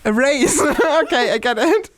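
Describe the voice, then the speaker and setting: A woman's voice: sits high, big pitch swings, unhurried. A tipsy woman co-hosting a podcast, laughing often and losing her thread in casual chat. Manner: laughing, scattered, trails off. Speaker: podcast co-host.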